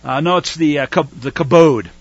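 A man giving a casual, animated Bible study and teaching through a Torah portion. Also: on the high side, normal speed, no room sound, highs cut off. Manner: animated, acts out whining voices.

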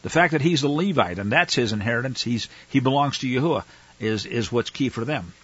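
A man's voice: mid-range voice, lively intonation, a little fast, husky, dry recording. A man teaching from scripture, reading passages aloud and breaking in with emphatic, fiery asides, on a slightly dull lo-fi recording. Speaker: Bible teacher.

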